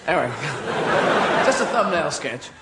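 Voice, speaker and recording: A man's voice: a little high, sing-song, moderate pace, gravelly, over a noisy crowd. A man doing stand-up comedy. He rambles through surreal tangents, keeps losing his thread and laughs at his own jokes. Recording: live stand-up with loud background noise.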